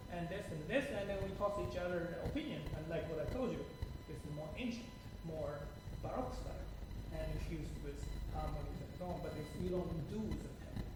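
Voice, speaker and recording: Accented male piano teacher, high voice, chatty and digressive, far off in a roomy hall. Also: a little fast. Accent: non-native English accent. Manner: chatty, digressive, asks rhetorical questions. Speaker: piano teacher hosting a masterclass. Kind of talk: spoken piano masterclass. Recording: distant mic in an echoey room with noise.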